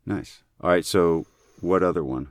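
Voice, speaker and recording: A man's voice: low-pitched, unhurried, dry recording. Man with dry, wry interjections. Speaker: podcast co-host. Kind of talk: casual podcast chat.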